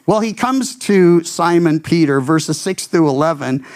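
Pastor, male, lively sweeping delivery that jumps up to voice the people he quotes. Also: a little slow. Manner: animated, acts out quoted speakers with big pitch jumps. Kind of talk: expository sermon.

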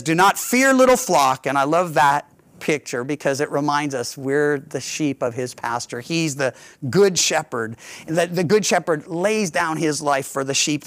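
Middle-aged male pastor, high-pitched voice, folksy and conversational, sermon delivery. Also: a bit bright. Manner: folksy and conversational, with frequent restarts and light humor.

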